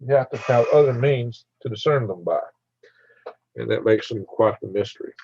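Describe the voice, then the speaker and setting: Gravelly older man chatting with viewers. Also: mid-range voice, normal speed, warm tone, dry recording, highs cut off. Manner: rambling, laughs often, answers viewers by name. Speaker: channel host reading live chat. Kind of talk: casual livestream chat.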